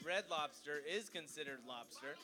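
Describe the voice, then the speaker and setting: A man's voice: fairly high pitch, normal speed, music in the background. A man hosting a live comedy competition, crude, loose and teasing.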